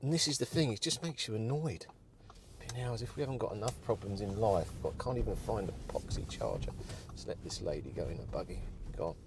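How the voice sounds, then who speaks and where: A man's voice: on the low side, lively intonation, fairly quick, noisy background. A man venting his frustration while driving, talking and muttering to himself in a car vlog. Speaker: car vlogger.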